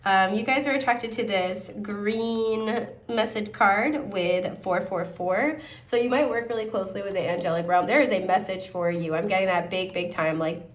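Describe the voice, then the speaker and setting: Woman tarot reader, chatty casual delivery, hoarse with throat clearing, mid-pitched, recorded in an echoey room. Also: moderate pace, far from the mic. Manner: chatty, upbeat, rambling with fillers. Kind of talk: casual pick-a-card tarot reading.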